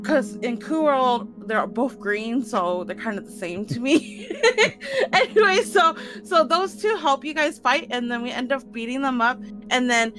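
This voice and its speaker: A woman casually recapping the last tabletop session, animated, laughing and swearing often. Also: sits high, unhurried, over music.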